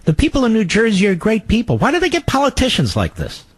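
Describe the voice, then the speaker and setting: A man's voice: sits high, huge pitch swings, fast, slightly rough, no echo. A male radio talk show host interviewing a guest, emphatic and combative. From Philadelphia.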